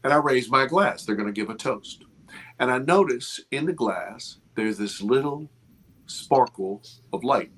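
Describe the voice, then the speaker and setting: A man over fifty, an interview guest, telling a story with expressive, restarting speech. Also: mid-range voice, a little slow, slightly rough. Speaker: interview guest, film producer. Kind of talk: animated storytelling in a casual interview.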